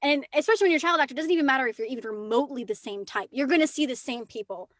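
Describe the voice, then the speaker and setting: A woman actress talking as a guest in a casual interview, chatty and lively with quick asides. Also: high-pitched, dry recording.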